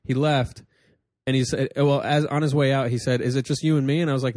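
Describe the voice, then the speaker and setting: A man's voice: medium pitch, steady tone, fast talker, a little mellow, dry recording, studio quality. A man hosting a podcast, teasing and loose in casual chat. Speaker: podcast host.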